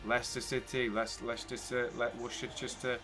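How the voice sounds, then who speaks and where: A man's voice: mid-range voice, level tone, moderate pace, music in the background. A young man commentating a football video game casually, swinging between hype and frustrated ranting. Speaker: gaming YouTuber.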